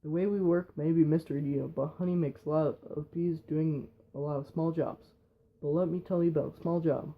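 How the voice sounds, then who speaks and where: A man reading a whole film script aloud in a quick, flat way with slips. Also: fairly high pitch, muffled recording. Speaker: reader.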